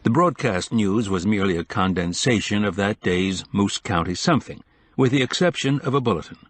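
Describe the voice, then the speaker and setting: A man narrates an audiobook in a measured, even way. His voice is low and husky. It is recorded dry and close to the mic. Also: no echo. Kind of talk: scripted narration.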